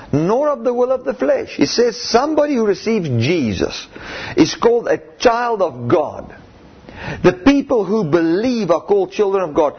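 A man's voice: a little high, slightly rough. A middle-aged man preaching a sermon, emphatic and repetitive, punctuating points with hallelujah and amen, on a muffled lo-fi recording.

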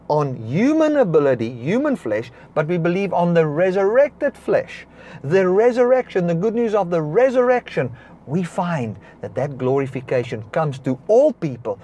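A man preaching a sermon, stopping now and then to correct himself and clear his throat. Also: a little high, slight background noise. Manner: preaching with swings between soft and raised passages. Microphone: device recording a broadcast, battery powered.

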